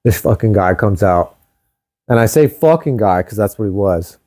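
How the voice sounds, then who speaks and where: A young man co-hosting a casual chat show, telling a story in an animated way, swearing freely and acting out what people said. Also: on the low side, normal speed. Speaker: co-host.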